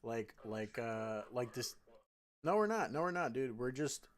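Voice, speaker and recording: A man's voice: medium pitch, very animated, measured pace. A man chatting casually on a gaming livestream, rambling, swearing and repeating himself. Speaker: gaming streamer.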